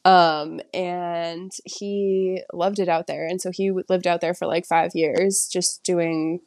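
A woman co-hosting a podcast in casual chat, reacting quickly and laughing easily. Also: on the low side, flat delivery, darkish tone, dry recording, clean studio sound. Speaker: podcast co-host.

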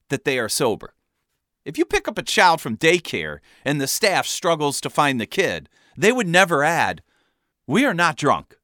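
A man hosting a comedic storytelling monologue with a wry, animated delivery. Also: medium pitch, no echo, clean studio sound. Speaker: podcast host.

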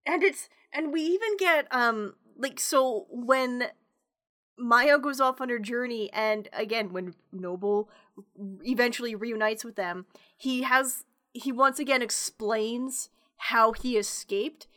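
A woman's voice: a little high, slow, bright, forceful tone. A young woman co-hosting a casual chat, giggly and chatty with lots of filler words.

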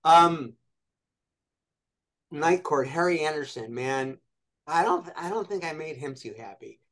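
Animated man telling lively stories. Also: fairly high pitch, a little slow. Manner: lively anecdotes, acting out quoted voices. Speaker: guest. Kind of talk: animated storytelling in conversation.

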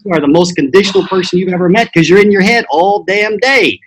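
A man's voice: sits high, fast, noisy background. A middle-aged man, a podcast guest, telling personal stories in a blunt, profane motivational style. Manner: blunt, profane, acts out voices in quotes. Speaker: podcast guest, transformation teacher. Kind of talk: motivational storytelling.

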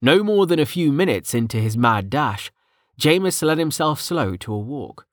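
This man's voice sits on the high side as he narrates an audiobook story at normal speed, steady and even throughout. It's scripted narration with clean studio sound and no room sound.

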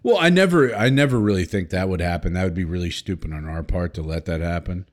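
This casual podcast features a deep-voiced host talking quickly as he reads headlines and makes crude jokes, alternating between loud and mumbled. A little hiss or hum sits in the recording.

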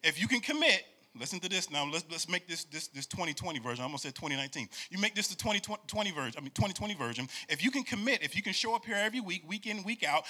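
A man in his forties delivering a loose, conversational sermon with a high, bright voice. He repeats words as he builds, swings into sing-song preaching cadences and calls on the congregation to answer back. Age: 40s. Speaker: pastor.

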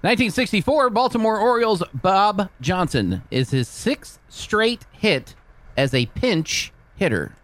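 A man's voice: high-pitched, a little slow. A man co-hosting a sports radio show, reading the day's events and teasing his co-hosts with a laugh. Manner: animated, teasing, laughs often. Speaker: co-host reading the day in history. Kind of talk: casual sports radio banter.

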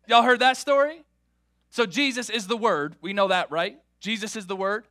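A man preaches a sermon with a high, bright voice. He is animated and restarts his words as he builds each point. The sound is dry and close, with no room echo. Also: moderate pace. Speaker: pastor.

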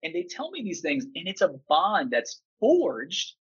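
Enthusiastic husky-voiced man telling stories. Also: high voice, measured pace, highs cut off. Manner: animated, emphatic, acts out quotes. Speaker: podcast guest, teacher and father. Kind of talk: enthusiastic storytelling chat.

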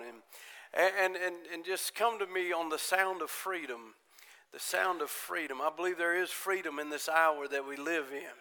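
A man preaching a sermon in church, retelling stories in quoted voices and building from quiet talk to loud, high-pitched preaching. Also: smooth. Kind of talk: Pentecostal-style sermon.

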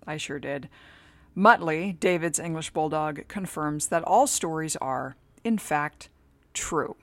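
A woman's voice: sits low, slow pace, no echo. A woman, the host, reading a scripted introduction to her interview show. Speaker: podcast host.

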